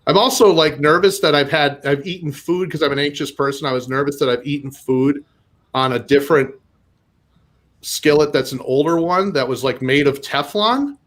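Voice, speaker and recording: A man's voice: fairly high pitch, moderate pace, a bit bright. Rambling, self-mocking man doing stand-up. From Minnesota. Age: 40s. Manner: rambling, self-deprecating, with nervous laughs and many fillers. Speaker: stand-up comedian. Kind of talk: stand-up comedy set.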